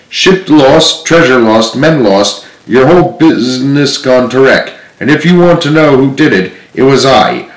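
A man's voice: mid-range voice, fairly bright tone, echoey room, rough recording. A man reading aloud and voicing a bold teenage boy cabin hand who speaks up earnestly and defiantly. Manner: earnest, raised and breathless defiance. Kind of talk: storybook read-aloud acting.

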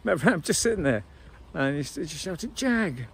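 Brief: excitable male vlogger, slightly high voice, noisy outdoor handheld recording. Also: fairly quick, gravelly. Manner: chatty, excitable, says "man" and "folks" a lot. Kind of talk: casual vlog chat. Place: outdoors on a university campus.

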